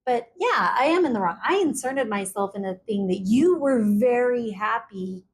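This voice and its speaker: Casual chat, woman, higher voice, thinks out loud, candid. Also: lively intonation, normal speed, a little hiss or hum. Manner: reflective and candid, talks things through. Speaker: podcast co-host. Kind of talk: casual couple's conversation.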